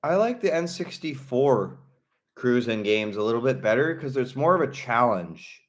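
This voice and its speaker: A man's voice: mid-range voice, big pitch swings, moderate pace. A young man streaming, chatting casually about video games in a blunt, profane way and laughing often.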